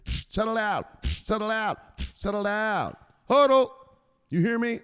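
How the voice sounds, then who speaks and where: A man's voice: sits high, lively intonation, takes it slowly, a bit bright, smooth, voice pushed up, heavily acted. A man playing a bossy, barking crypto enforcer. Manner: barking commands, scolding. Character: menacing male crypto enforcer, bullying and bossy.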